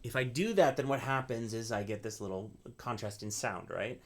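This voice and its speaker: Faint music plays behind a man explaining ukulele rhythm in a casual way. His voice is medium-pitched and moderately paced, and he strums between phrases, often pausing to ask "right?"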